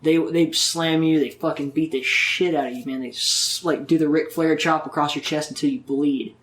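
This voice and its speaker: A man's voice: fairly high pitch, fairly even intonation, normal speed, fairly bright tone, roomy sound. A man chatting as a podcast guest, telling rambling stories full of swearing. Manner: profane, rambling storyteller. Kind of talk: casual interview chat.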